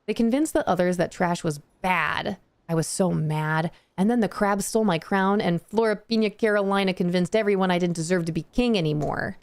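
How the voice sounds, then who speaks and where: A woman's voice: medium pitch, creaky, a little mellow, close to an everyday voice. A woman reading a petulant male pixie king. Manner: petulant, self-pitying. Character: whiny male pixie king obsessed with trash. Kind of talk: reading game dialogue aloud.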